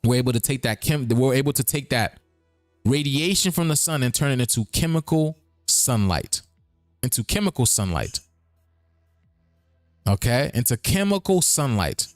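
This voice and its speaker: A man's voice: mid-range voice, animated, moderate pace, no echo, studio quality, faint music behind. A man hosting a casual livestream, talking in a rambling, repetitive way with chuckling asides. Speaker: streaming show host.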